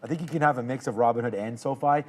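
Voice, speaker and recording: A man hosting a live trading show, moving from teasing banter with a co-host into relaxed, thoughtful stock market commentary. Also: mid-range voice, racing. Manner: joking, teasing, then thoughtful analysis.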